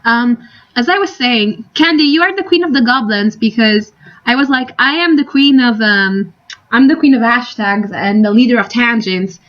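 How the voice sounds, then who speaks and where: A woman's voice: on the high side, expressive, moderate pace, highs cut off. A young woman chatting casually on a live stream, rambling and giggly, drifting into tangents.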